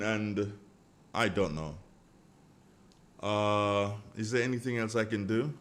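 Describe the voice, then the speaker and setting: A man's voice: lowish voice, steady tone, takes it slowly, long pauses, fairly bright tone. A man hosting a live morning radio show from a studio, chatting casually and rambling as he reads out listener greetings.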